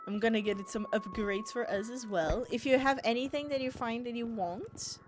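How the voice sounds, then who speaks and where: A giggly, excitable woman streamer with an American accent chats while playing a game. Her voice sits a little high, and game music plays clearly behind her. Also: normal speed. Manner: giggly and excitable, easily startled. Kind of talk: casual chat while gaming.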